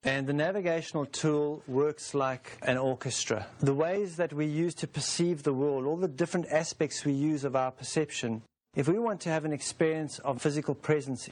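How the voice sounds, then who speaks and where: In a calm, unhurried teaching session, a man in his forties explains a self-help process using homely metaphors. His voice is a little high.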